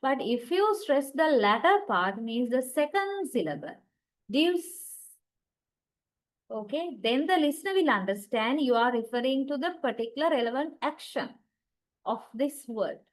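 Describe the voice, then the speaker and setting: With a high-pitched, animated voice at a moderate pace, a female lecturer delivers a recorded linguistics class. She has a Sri Lankan English accent and keeps checking in with "okay" and "right." Audio quality is poor.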